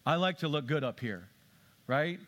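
A man's voice: a little high, expressive, moderate pace, a bit bright. A male pastor delivering a sermon in a conversational way, asking the congregation rhetorical questions and slipping in dry, sarcastic asides.

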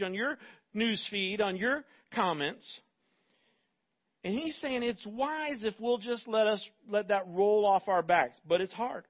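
High-voiced pastor preaching conversationally. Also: male voice, highs cut off. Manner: conversational, emphatic, with rhetorical asides. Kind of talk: sermon.

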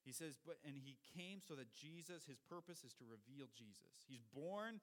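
A man's voice: medium pitch, lively intonation, normal speed. A man preaching a sermon, explaining Bible verses step by step in a teacherly way.

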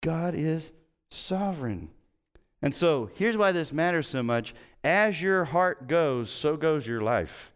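Middle-aged guy preaching, kinda high voice, chatty but punchy, goes loud then quiet. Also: expressive, unhurried, few pauses, clean tone. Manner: conversational, emphatic, swings between loud and quiet. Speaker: pastor. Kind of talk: sermon.

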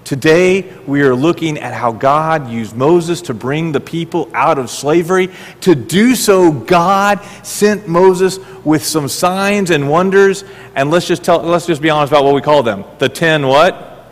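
A middle-aged man preaching a sermon as pastor, animated and full of rhetorical questions, often repeating his words. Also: on the high side, a little slow. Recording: reverberant hall.

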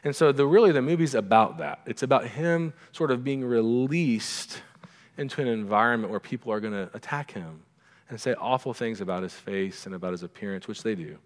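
A middle-aged male pastor preaching a sermon in a relaxed, conversational way, often checking in with the congregation with quick asides. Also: medium pitch. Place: church sanctuary. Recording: long reverb of a church hall.

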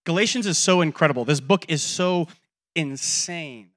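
A man in his thirties preaching a sermon as pastor, telling stories and acting out quoted voices, swinging between loud and quiet. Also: a little high, normal speed.

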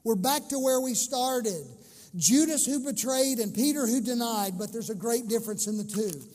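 A male pastor preaching an impassioned sermon to his church, stretching key phrases slowly for emphasis. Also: very high-pitched, a little mellow, big-room sound.

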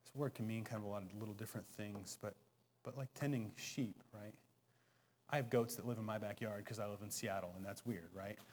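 A man in his thirties, a preaching pastor, giving a conversational sermon in church, moving from soft self-deprecating asides to loud, emphatic peaks. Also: lowish voice, fairly even intonation, fairly quick, slight background noise. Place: church sanctuary.

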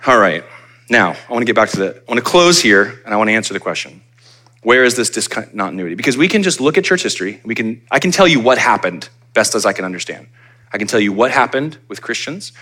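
This American preacher addresses his congregation in a lively, chatty style, dramatizing brief asides as he goes. His pitch is fairly low.

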